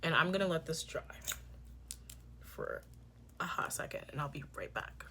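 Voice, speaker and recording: A young woman chatting casually through a makeup tutorial, joking with her viewers and dropping into soft whispers now and then. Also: low-pitched, animated, moderate pace. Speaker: beauty vlogger.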